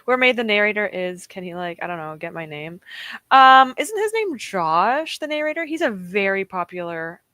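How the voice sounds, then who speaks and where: At her home desk, a young woman runs a reading stream, chatting loosely with her audience, reacting to live chat, and breaking into frequent laughs. She speaks at normal speed in a mid-range, sing-song voice with a sharp tone, and there's no room sound.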